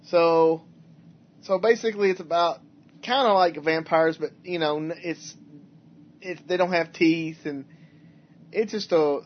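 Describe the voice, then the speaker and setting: A man casually chatting about movies as a podcast co-host, rambling and restarting often, recorded on a dull lo-fi setup. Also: a little high. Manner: rambling, halting, many restarts and fillers. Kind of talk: casual chat.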